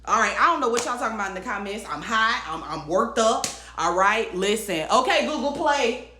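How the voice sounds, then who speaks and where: A woman's voice: fairly high pitch, lively intonation, a little fast, bright, forceful tone. A woman hosting a weekly livestream, giving an encouraging message in a casual, emphatic way, repeating her phrases and chatting back to viewers' comments. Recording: echoey room.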